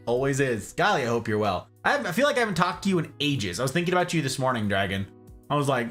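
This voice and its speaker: A man's voice: mid-range voice, a little fast, soft background music. A man streaming a game and chatting playfully with his live chat. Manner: playful, animated, jokey banter with chat.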